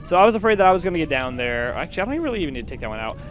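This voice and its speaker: Brief 18-year-old male let's-play host, slightly high voice, rambling chatty commentary, faint game music under it. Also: rapid-fire. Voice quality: lively, rambling, many fillers and restarts. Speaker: gaming channel host.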